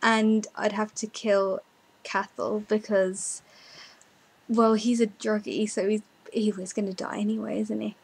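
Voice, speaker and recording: A woman's voice: medium pitch, flat delivery, unhurried, vocal fry, breathy edge, low-quality recording. A young woman, chatting casually as she answers viewer questions, self-deprecating and full of ums and likes. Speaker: vlogger.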